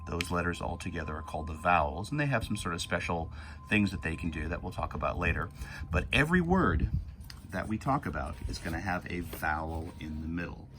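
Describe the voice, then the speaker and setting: A man's voice: deep voice, animated, brisk, noisy background. A man teaching a recorded phonics lesson for young children, patiently sounding out words letter by letter.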